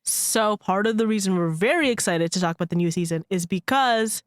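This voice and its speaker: A young woman hosting a college radio podcast, teasing her co-host in quick, casual banter. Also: mid-range voice, no echo, clean studio sound. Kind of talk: casual chat.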